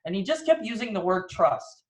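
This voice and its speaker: High-pitched man, energetic storyteller. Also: normal speed. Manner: energetic, storytelling, rhetorical questions. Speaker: insurance agent guest speaker. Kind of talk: motivational talk on a video call. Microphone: video call. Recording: echoey room on a video call.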